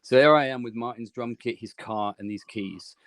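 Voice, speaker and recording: English man, musician guest, rambling anecdote, many restarts, mid pitch. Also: normal speed, dry recording. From England. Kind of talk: storytelling in interview.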